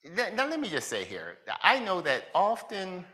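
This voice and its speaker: Man preaching with a lively, lilting voice. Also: sits high, normal speed. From Jamaica. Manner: asks the listeners reflective questions, chuckles between points. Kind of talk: conversational sermon.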